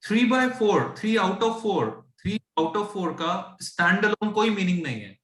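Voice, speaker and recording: A man's voice: high-pitched, lively intonation, quick pace, fairly bright tone. Patient Indian tutor man, echoey room. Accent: Indian English. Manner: patient, asks checking questions, mixes English and Hindi. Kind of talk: explaining fractions.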